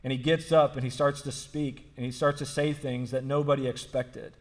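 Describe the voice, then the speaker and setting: A man's voice: medium pitch, little pitch movement, moderate pace. Earnest male pastor preaching. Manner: earnest storytelling, repeating phrases for emphasis; frequent restarts and fillers like "like". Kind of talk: sermon.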